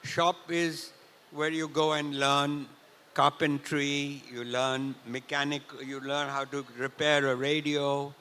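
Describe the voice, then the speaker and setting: An older man from Punjab tells a story at a festival talk, often clearing his throat. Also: fairly high pitch, flat delivery, bright, forceful tone. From India, Punjab. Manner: clears throat often, unhurried anecdotal retelling. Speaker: festival speaker. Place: large hall at a literature festival. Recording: reverberant hall.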